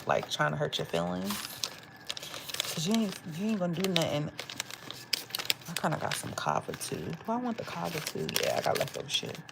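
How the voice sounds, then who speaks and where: Gravelly-voiced woman telling stories on a livestream. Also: low voice, background noise. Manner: animated gossipy storytelling, acting out quotes; laughs often while talking. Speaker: livestream vlogger. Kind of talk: casual storytelling chat. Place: at home, eating.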